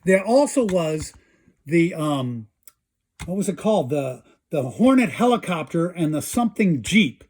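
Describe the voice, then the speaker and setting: This toy collector host has a fairly high, darkish voice and is very animated, though he speaks a little slowly. He chats enthusiastically through a casual show-and-tell of old toys and mimics their sounds.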